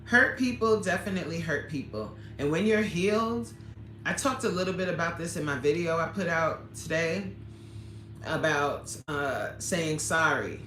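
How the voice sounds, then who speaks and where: A fitness coach runs a casual livestream, answering viewer comments in an emphatic, candid way and laughing often. Her voice is low-pitched and a bit bright, with lively intonation and a moderate pace. The echoey room carries faint ambience and a little hiss or hum.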